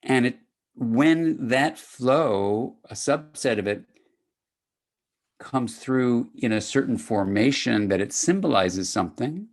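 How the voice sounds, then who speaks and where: Animated older male psychiatry lecturer. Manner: animated, conversational, acts out dialogues with rising pitch. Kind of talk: academic lecture.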